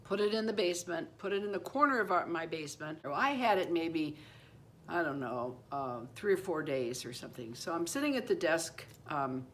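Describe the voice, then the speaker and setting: A channel host in her seventies tells a true story about herself to camera, drifting loosely and coming back around with "anyway" and "you know." Her deep voice is expressive and a bit bright, at a moderate pace, with a little hiss or hum on the recording.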